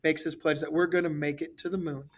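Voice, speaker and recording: High-ish guy co-hosting a history podcast, repeats himself while thinking. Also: little pitch movement, quick pace. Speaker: podcast co-host, history teacher. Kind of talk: casual chat.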